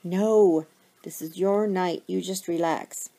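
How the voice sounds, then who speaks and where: A gentle, caring foster mother, as a woman reading a novel aloud puts her on, soft and reassuring. The voice sits low with a gravelly edge. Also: fairly even intonation, slow, full character voice. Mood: tender.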